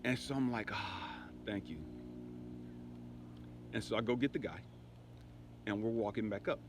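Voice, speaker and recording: A man's voice: medium pitch, fairly even intonation, brisk, background noise. A grieving man telling a personal spiritual testimony in a conversational way, often asking "you know what I mean". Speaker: spiritual speaker.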